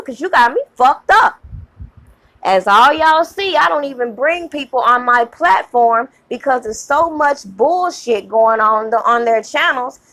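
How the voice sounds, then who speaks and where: A woman's voice: high voice, pushed and bright. Angry, profane woman ranting to her channel. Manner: heated, profane, emphatic, repeats herself. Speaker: channel host. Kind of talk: angry rant to camera.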